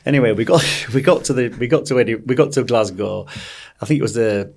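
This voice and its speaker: Gravelly man telling stories. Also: mid-range voice, fast talker, a little mellow. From Sheffield, England. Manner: rambling anecdotes with many restarts. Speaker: boxing coach, guest. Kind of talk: casual storytelling interview.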